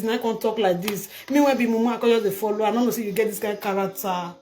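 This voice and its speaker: A woman's voice: on the high side, quick pace, hardly any pauses, a little mellow. An older woman from Nigeria speaks in a Nigerian Pidgin accent. She talks casually to her viewers, emphatic and pleading, and repeats her points as she goes. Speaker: vlogger. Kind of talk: casual direct-to-camera vlog.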